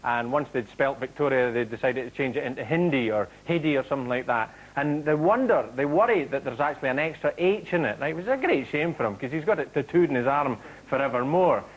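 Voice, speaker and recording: A man's voice: medium pitch, animated, quick pace, hardly any pauses, rough recording. A middle-aged Scottish man hosting a comedy show, delivering a wry, chatty stand-up monologue. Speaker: comedy host. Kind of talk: stand-up monologue to studio audience.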